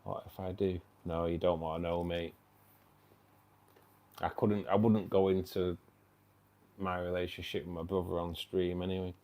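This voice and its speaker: A man's voice: sits low, little pitch movement, normal speed, pauses often, darkish tone. A man with a British accent hosting a casual livestream, chatty and slangy, laughing often. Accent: British English. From United Kingdom. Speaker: aquarium channel host.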